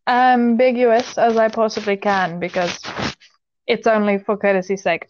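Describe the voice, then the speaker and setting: A woman's voice: mid-range voice, flat delivery, moderate pace, lo-fi sound, a little hiss or hum. A woman co-hosting a casual podcast chat, rambling and restarting her sentences and laughing often. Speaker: podcast co-host.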